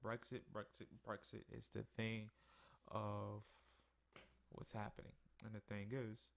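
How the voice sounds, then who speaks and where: A sleepy man with a gravelly, somewhat low voice walks through his trading charts in a loose, conversational way. He sounds worn out after a long day. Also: unhurried. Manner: tired, yawning, relaxed and conversational. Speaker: forex trading analyst. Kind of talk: casual screen-share market review.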